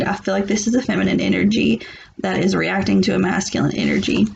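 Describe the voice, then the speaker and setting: Blunt, gravelly woman reading tarot. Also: mid-range voice, fast, a little mellow, a little hiss or hum. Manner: blunt, laughing, rambling with restarts. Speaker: tarot reader. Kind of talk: casual tarot reading vlog. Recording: muffled lo-fi recording.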